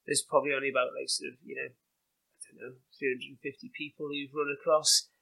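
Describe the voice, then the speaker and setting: A man's voice: mid-range voice, level tone, fast, creaky, sharp tone, poor audio. A British man in his forties, a guest telling stories in a casual interview, rambling with lots of fillers and laughing at his own anecdotes. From Britain. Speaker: guest runner.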